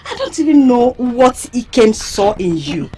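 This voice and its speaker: An actress with a Nigerian accent playing a sharp-tongued young village woman in a Nollywood royal drama, scolding and mocking loudly. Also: fairly high pitch, very animated, measured pace, breathy edge, exaggerated voice. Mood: angry scolding. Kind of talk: Nollywood film acting.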